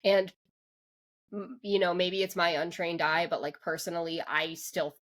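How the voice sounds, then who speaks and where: Woman podcast host gushing about anime, rambly, says like a lot, lowish voice. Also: steady tone, measured pace, fairly bright tone. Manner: rambling, full of "like" fillers and restarts. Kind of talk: casual anime review chat.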